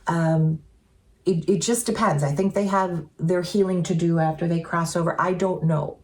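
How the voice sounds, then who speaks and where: A woman telling stories in an earnest, chatty way, full of fillers and with softly voiced quotes, as co-host of a casual talk. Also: on the low side, steady tone, moderate pace. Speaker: co-host sharing spiritual experiences. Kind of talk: casual storytelling chat.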